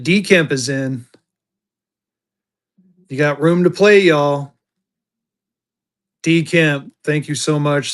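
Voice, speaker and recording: A livestream seller with a fairly high-pitched, clean-toned voice sells banknotes in casual live auction chat. He talks with fillers and thanks his buyers.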